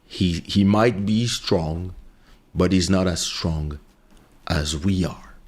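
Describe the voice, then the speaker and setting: A man's voice: sits low, takes it slowly, husky. A man hosting a podcast, telling a story in a casual monologue and acting out the voices of the people in it. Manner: animated storytelling, acts out quoted voices. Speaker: podcast host.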